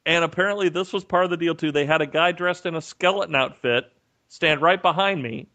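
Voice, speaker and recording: Animated male podcast storyteller. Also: fairly high pitch, fairly quick. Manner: animated storyteller, acts out quotes. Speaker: podcast co-host. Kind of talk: casual storytelling chat. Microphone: remote call mic.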